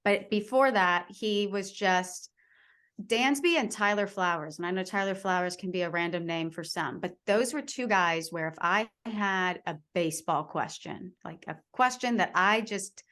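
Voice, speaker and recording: Sports reporter guest, woman, thirties, low-ish voice, lively storyteller. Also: moderate pace. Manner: storytelling, enthusiastic, many fillers. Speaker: baseball reporter, podcast guest. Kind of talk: casual chat.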